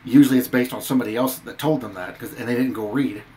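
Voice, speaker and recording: On poor audio with slight background noise, a man talks fast in a medium-pitched, dark-toned voice, giving earnest, preachy commentary on scripture. As a Christian video commentator, he reads out verses and stresses each point in his rant.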